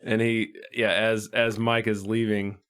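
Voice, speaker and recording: A man's voice: fairly low pitch, flat delivery, unhurried, a bit bright, smooth. A man co-hosting a casual movie podcast who laughs a lot and chimes in to finish his co-host's sentences. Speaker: podcast co-host. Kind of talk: casual movie recap chat.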